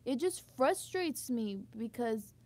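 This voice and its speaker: A woman's voice: fairly high pitch, animated, slow pace, warm tone. A young woman in an emotional venting monologue, frustrated and blunt, swearing freely and restarting her sentences as she rambles. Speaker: vlogger.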